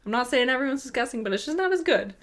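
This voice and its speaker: A woman in her twenties from Arizona, co-hosting a podcast and telling a story in a lively way, laughing often. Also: high-pitched, racing. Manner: animated, laughs a lot while telling stories. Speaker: podcast co-host. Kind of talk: casual chat, storytelling.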